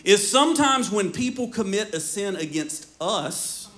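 A man preaching a sermon in church, telling a story in an animated way and often laughing as he talks. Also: sits high, measured pace. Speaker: pastor.

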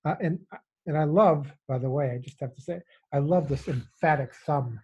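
A man who edits poetry, reading lines aloud and unpacking them in an engaged, animated way with frequent restarts. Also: on the high side, moderate pace, dull audio, slight background noise. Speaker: poetry editor. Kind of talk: conversational discussion of poetry.

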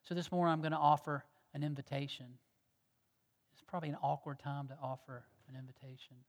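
Male pastor, high voice, earnest pleading sermon, long church reverb. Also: fairly even intonation, fairly quick. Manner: earnest pleading, swings from loud exhortation to hushed tones. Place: church sanctuary.

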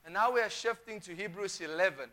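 A man's voice: sits high, fast talker, sharp tone. A man preaching a sermon, emphatic, often repeating phrases and restarting sentences.

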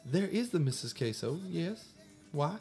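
Man, mock-pompous comedic host, lively pitch, slightly high voice. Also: a little slow, loud music behind the voice. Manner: mock-pompous, swings between high squeaks and low mutters. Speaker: podcast co-host answering fan mail in character. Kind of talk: comedic banter, reading listener mail.

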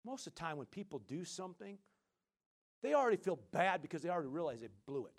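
A middle-aged man preaching in a slightly high voice. He swings between loud, lively bursts and quiet, confiding asides, and he calls out to his congregation as he goes. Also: quick pace. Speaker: senior pastor. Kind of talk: sermon.

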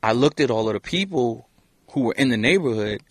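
A middle-aged man from Brooklyn, an animated storyteller who swears freely while chatting as a podcast guest. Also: mid-range voice, fairly quick, no echo, clean studio sound. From Brooklyn, New York. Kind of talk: casual podcast chat.

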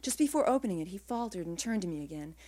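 A woman writer reading her own literary prose aloud in a quiet, measured way, her phrases trailing off softly. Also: fairly low pitch, lively intonation.

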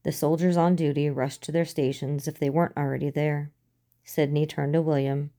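A woman reading a story aloud in a steady, even storytelling manner, as an audiobook. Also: deep voice, moderate pace. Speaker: narrator. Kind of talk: audiobook reading of fan fiction.

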